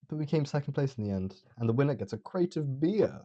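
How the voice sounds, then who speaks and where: A man's voice: medium pitch, animated, quick pace, dark tone. A young man hosting a podcast alone, rambling sardonically with lots of fillers. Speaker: podcast host. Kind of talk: casual solo monologue. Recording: dull lo-fi sound.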